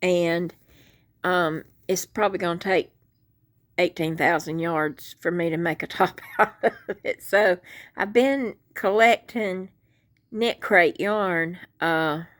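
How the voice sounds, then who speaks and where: Woman vlogger, unhurried and slightly low-voiced, rambling folksy chat into a phone from bed. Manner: rambling, folksy, self-deprecating. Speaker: crochet vlogger. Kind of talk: casual chat to viewers. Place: in bed at home. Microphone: handheld phone.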